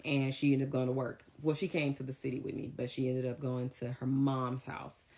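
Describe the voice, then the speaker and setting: A young woman with a low, deep voice recounting a story in a casual storytime style. Her delivery is animated and emphatic, and she leaps much higher in pitch whenever she slips into quoting someone. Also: fairly quick, creaky. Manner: animated, emphatic retelling with sharp pitch jumps for quoted lines.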